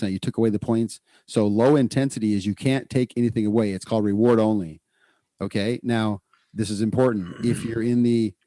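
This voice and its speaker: Low-voiced man explaining parenting. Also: no room sound, clean studio sound. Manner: animated, acts out parent and child voices. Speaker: podcast host, clinician. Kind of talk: casual explanatory podcast talk.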